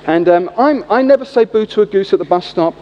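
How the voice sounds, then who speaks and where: Brief: male preacher in his forties, high voice, echoey church hall. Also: brisk, a little hiss or hum. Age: 40s. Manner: humorous, animated storytelling. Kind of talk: sermon. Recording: echoey hall, dull lo-fi sound.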